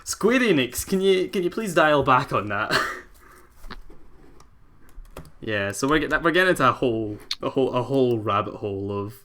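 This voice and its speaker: A man's voice: mid-range voice, sing-song, brisk, sharp tone, slight background noise. A man co-hosting a podcast, joking, laughing and repeating his words in casual chat. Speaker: podcast co-host.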